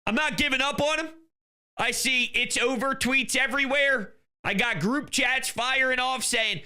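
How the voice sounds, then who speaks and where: A young man hosting a sports talk show, ranting heatedly with bursts of shouting. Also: very high voice, moderate pace.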